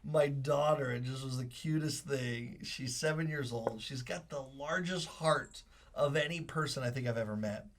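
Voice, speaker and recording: A man's voice: mid-range voice, normal speed. A man in his thirties, a pastor co-hosting a podcast, talking earnestly and emotionally with many fillers. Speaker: pastor, co-host. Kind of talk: casual podcast talk, preaching.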